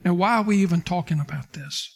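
Man pastor, high-pitched, preaching a sermon and acting out scripture scenes. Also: fast talker, gravelly. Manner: preaching with King James quotes and dramatic retellings.

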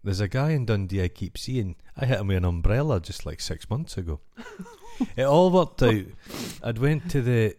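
A Scottish man hosting a podcast, chatting casually and telling animated stories in which he acts out the other people. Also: fairly low pitch, moderate pace, few pauses, dry recording. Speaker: podcast host. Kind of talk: casual chat.

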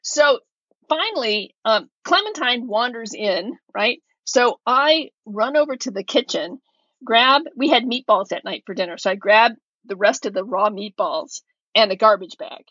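Lively woman telling a story, husky. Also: fairly high pitch, measured pace, dry recording, lo-fi sound. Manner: animated storyteller, acts out her own yelling. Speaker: podcast co-host. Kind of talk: casual storytelling chat.

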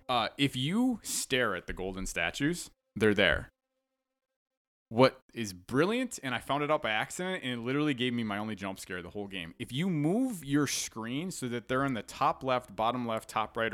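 A man co-hosting a casual video game review podcast, talking in an animated way and laughing often. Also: medium pitch, normal speed. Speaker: podcast co-host.

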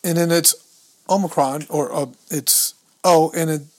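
Slow-talking man explaining scripture. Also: a little high, steady tone, darkish tone. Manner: explains step by step, thinks aloud while leafing through books; reads scripture and Greek words aloud, stumbling over pronunciation. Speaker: podcast co-host. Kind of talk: casual teaching talk on scripture.

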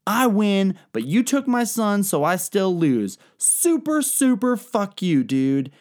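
A man's voice: animated, moderate pace, lightly acted. A man voicing a furious warrior queen who hurls profane threats. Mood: gloating. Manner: profane tough-talking threats, shouted and high. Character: furious vengeful warrior queen, foul-mouthed.

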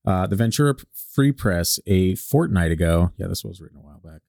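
Very deep-voiced man chatting, dry sound. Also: lively intonation, fairly quick, gravelly, a little mellow, no room sound. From Alaska. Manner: joking, laughs often. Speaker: podcast co-host. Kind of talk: casual chat, reading an old article aloud.

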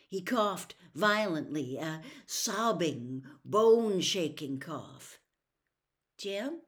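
A woman with a fairly low voice reads a novel aloud. Her delivery is slow, measured and hushed. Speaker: story reader.

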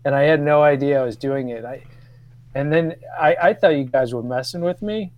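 A man's voice: a little high, normal speed, no echo, dull audio. Guy in his 50s reminiscing on a radio show, laughs a lot, stops and restarts, dry sound. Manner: storytelling, laughs often, hesitant restarts. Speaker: guest, former radio co-producer. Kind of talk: casual radio chat.

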